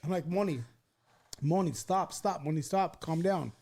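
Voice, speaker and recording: A man hosting a podcast, telling a story in a casual, animated and profane way, acting out the people he quotes. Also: fairly high pitch, moderate pace. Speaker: podcast host.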